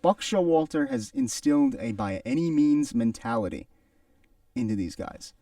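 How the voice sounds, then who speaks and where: Young male sports talk co-host, lively pitch, gravelly, emphatic and opinionated; dry sound from a bit off mic. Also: moderate pace, no echo, far from the mic.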